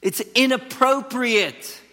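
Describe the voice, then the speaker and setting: A man's voice: very high voice, slow pace, bright, forceful tone, voice pushed up, full character voice. A man voicing a startled male disciple who protests, flustered and emphatic. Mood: protesting. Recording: long reverb of a large hall.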